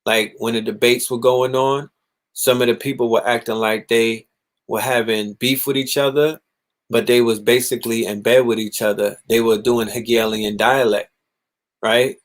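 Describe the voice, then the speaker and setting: A young man hosting a casual livestream monologue, animated and profane, sometimes mocking others in put-on voices. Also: mid-range voice, moderate pace. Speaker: livestream host.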